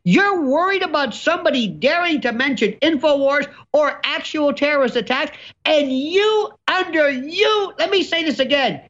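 A man guest commentator ranting sarcastically in an animated chat, with ornate vocabulary and theatrical flourishes. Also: very high-pitched, normal speed, hardly any pauses, highs cut off.

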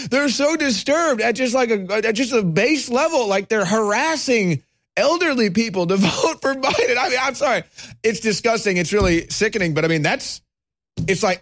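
A man hosting a political talk show, excitable, repeating words and laughing as he talks. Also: very high voice. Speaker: show host.

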